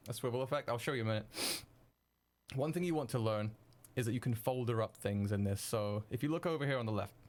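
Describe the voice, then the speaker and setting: A young man streaming while he edits video, chatting casually with viewers, excitable and swearing freely. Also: medium pitch. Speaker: streamer editing video live. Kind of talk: casual live-stream chat.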